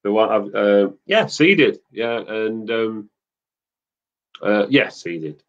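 Man, middle-aged, from Manchester, low voice, rambling casual chat, dull lo-fi sound. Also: animated, takes it slowly. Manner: rambling, chuckling, warm anecdotal. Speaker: soap actor guest. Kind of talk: casual chat on a web show.

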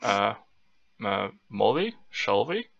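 Man, player, gravelly bright voice, dull dry recording. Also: on the low side, big pitch swings, takes it slowly, dry recording. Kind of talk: tabletop game play.

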